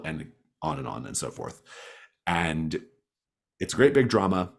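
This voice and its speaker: A man's voice: sits low, animated, normal speed. A man narrating as game master in a playful, hesitant way. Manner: hesitant, playful, many restarts.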